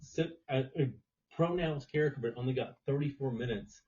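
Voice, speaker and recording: A man's voice: medium pitch, fairly quick, dull audio, crowd noise. A man in a casual chat, hesitantly sharing a fun fact.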